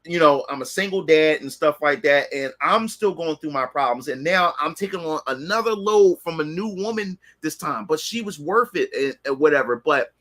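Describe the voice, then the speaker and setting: A man's voice: fairly high pitch, expressive, normal speed, few pauses, a bit bright. A young man hosting his own show, telling a rambling personal story in casual chat with many fillers and restarts. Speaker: streamer host.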